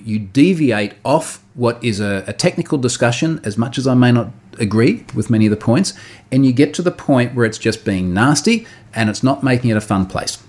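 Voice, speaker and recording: Male podcast host, mid-pitched, chatty and animated, recounting an online spat with restarts and laughs. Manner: animated, repeats words while recounting, quick to laugh. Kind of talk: casual storytelling chat.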